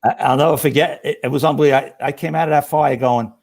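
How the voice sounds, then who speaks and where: A man's voice: on the high side, quick pace, vocal fry. A middle-aged man telling fire stories as a podcast guest, acting out the quotes. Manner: animated storyteller acting out quotes. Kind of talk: casual storytelling.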